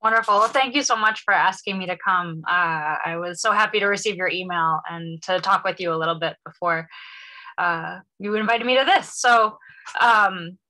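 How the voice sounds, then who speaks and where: A woman guest speaker opening her talk at a service, warm and a little hesitant. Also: on the low side, moderate pace, poor audio. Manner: warm, a bit hesitant, many ums.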